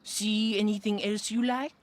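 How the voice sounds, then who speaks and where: A chirpy French-accented stall keeper voiced by a woman, talking up her bargains with a bright sales pitch. Her voice sits at an ordinary middle pitch. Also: flat delivery, measured pace, natural voice. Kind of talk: video game character dialogue.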